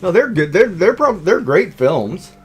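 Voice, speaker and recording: A middle-aged man livestreams from his home, chatting casually and rambling with plenty of fillers and restarts. His voice is high and sing-song, a little slow, over soft background music.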